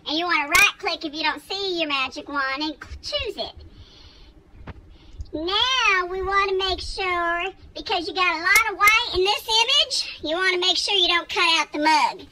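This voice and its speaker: A woman's voice: extremely high pitch, moderate pace, bright, forceful tone, a little hiss or hum. A Texan woman hosting a casual screen-share tutorial, folksy and chatty, laughing easily as she walks through each step. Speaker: host giving a software tutorial.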